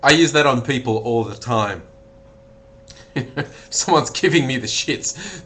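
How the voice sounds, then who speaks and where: A man's voice: medium pitch, lively intonation, slow pace, long pauses, fairly bright tone. A young Australian man hosting a casual live stream, joking, swearing freely, laughing often and reading viewer messages aloud. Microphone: computer webcam mic.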